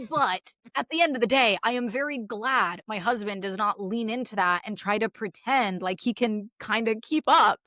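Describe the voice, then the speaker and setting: A young woman, a therapist, co-hosting a podcast, chatty and animated as she tells stories in casual conversation. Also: on the high side, moderate pace, hardly any pauses, dry recording, studio quality.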